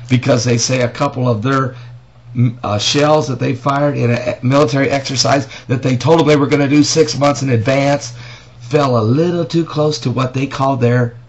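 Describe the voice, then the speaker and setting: A man's voice: medium pitch, fairly even intonation, normal speed. A man, a pastor, talking through news and prophecy in a casual vlog, reading an article aloud and stopping to make emphatic points with pointed rhetorical questions. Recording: dull lo-fi audio with faint noise.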